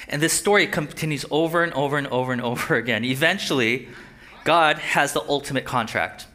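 A man delivers a sermon in a fairly high voice. His tone is bright and tense. He speaks conversationally and keeps checking in with his listeners. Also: brisk. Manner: conversational, checks in with rhetorical questions. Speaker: pastor.

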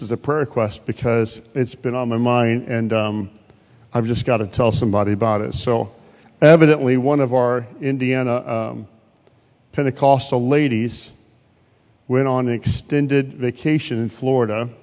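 A man's voice: medium pitch, a little mellow. A man teaching a sermon in a church, enthusiastic and folksy, with frequent fillers. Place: church sanctuary. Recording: hall reverb in a church.

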